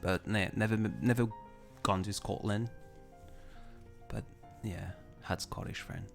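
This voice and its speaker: Low gravelly man. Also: steady tone, takes it slowly, faint music behind. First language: French. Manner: rambling, chatty, frequent restarts. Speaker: livestream host. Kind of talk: casual chat, reading viewer comments.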